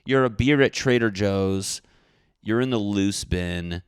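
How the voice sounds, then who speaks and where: Young guy ranting on his podcast, deep smooth voice, dry close sound. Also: slow, dry recording. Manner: joking, rambling, self-deprecating. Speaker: podcast host. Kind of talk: casual comedic podcast rant.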